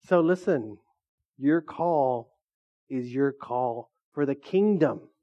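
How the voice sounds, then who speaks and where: A man preaching a sermon in a conversational, animated way, with call-and-response asides to the congregation. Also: mid-range voice, takes it slowly, muffled recording. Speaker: pastor.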